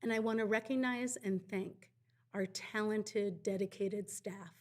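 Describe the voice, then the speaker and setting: A woman's voice: mid-range voice, steady tone, unhurried. A woman official speaking at an awards ceremony in a mid-range voice. Her delivery is polished and formal, thanking partners and staff. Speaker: acting library commissioner.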